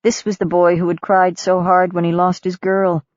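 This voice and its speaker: Low-voiced woman narrating an audiobook. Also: little pitch movement, moderate pace, a little mellow, no echo. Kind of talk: scripted narration. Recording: dull lo-fi audiobook recording.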